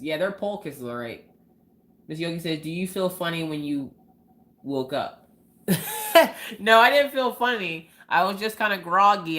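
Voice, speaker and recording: Chatty low-voiced woman livestreaming. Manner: chatty, giggly, animated retelling with quoted voices. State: recovering from a cold. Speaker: livestream host. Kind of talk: casual live-stream chat.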